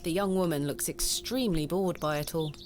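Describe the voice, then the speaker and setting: A woman's voice: low-pitched, brisk, darkish tone, a little hiss or hum, lightly acted. A woman voicing a dry, posh English investigator. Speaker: game character describing scenes. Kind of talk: scripted video game narration.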